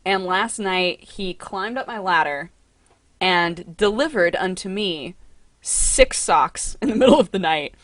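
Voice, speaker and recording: A young woman hosting a casual livestream from home. She talks in a chatty, excitable way and coos to her cat. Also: lowish voice, measured pace, no echo. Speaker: livestream host.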